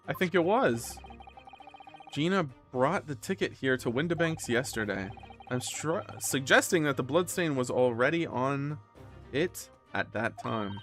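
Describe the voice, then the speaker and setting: A man streaming a video game, reading its dialogue aloud and joking around, catching his own slips as he goes. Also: fairly high pitch. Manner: jokey, reads lines aloud, self-correcting. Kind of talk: casual gaming commentary, reading dialogue aloud.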